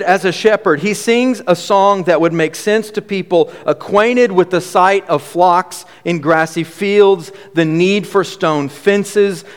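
A man with a fairly high voice preaches a sermon, earnest and animated, leaning on key words and restarting phrases as he goes. His voice rings out with a long reverb, as in a large hall or sanctuary. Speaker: pastor.

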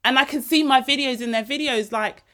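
A woman hosting her own podcast, telling stories in a lively, emotional way and laughing easily. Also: sits high, fairly quick. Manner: animated storytelling, laughs and gets emotional easily. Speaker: podcast host. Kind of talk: casual solo podcast chat.

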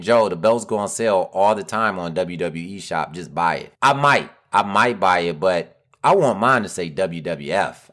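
A man hosting a wrestling podcast, talking casually and animatedly, joking as he goes. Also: lowish voice. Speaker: podcast host. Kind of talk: solo podcast monologue.

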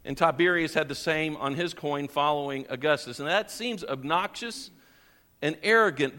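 Male pastor, high and bright voice, lively sermon delivery, long church-hall reverb. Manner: animated, questions the congregation, chuckles often. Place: church sanctuary.

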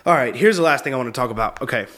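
A man's voice: medium pitch, animated, very fast, fairly bright tone. A man in his twenties, a comedian hosting his own show, telling rambling stories in a casual monologue, laughing at his own jokes and acting out quotes. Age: 20s. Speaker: comedian host.

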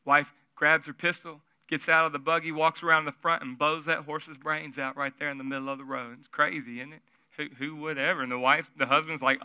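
Bright, crisp-voiced male preacher. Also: fairly high pitch, fairly even intonation, a little fast, no room sound, lo-fi sound. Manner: conversational storytelling, asks the audience questions. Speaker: pastor. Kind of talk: sermon. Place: church service.

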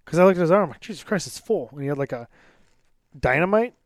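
Male co-host, slightly high voice, dry wisecracks, close dry sound. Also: lively intonation, quick pace, creaky, no room sound. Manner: wisecracking, dry short replies. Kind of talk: casual chat.

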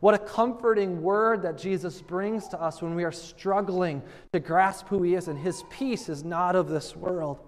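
A male pastor with a high voice gives an earnest, conversational sermon. A long hall reverb trails his words. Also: moderate pace, hardly any pauses. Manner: conversational, earnest, rhetorical asides.

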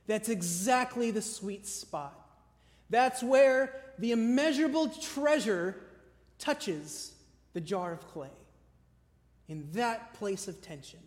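A male pastor preaching a sermon with emphatic repeated lists, dropping to a soft conversational tone when he tells stories. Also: high-pitched, animated, slow. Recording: long hall reverb.

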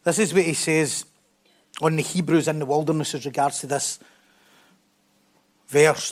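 A man's voice: a little high, fairly even intonation, moderate pace, long pauses. A man preaching a sermon in a conversational way, often laughing and joking at his own expense.

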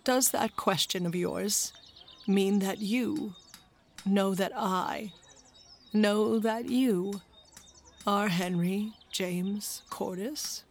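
Lady reading as a gentle old grandpa, slow and quiet. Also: mid-range voice, slight background noise. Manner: slow, soft, deliberate. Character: kindly old grandfather, wealthy man.

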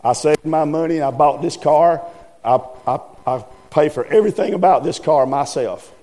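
Casting: polite teen boy, voiced by a man, earnest and quick, echoey hall. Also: fairly high pitch, dark tone, lightly acted. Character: polite young male teen driver. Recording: echoey hall, faint music.

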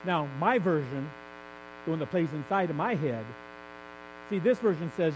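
Man, high voice, candid conversational preacher, faint mains hum behind. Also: expressive, moderate pace, pauses often. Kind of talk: sermon.

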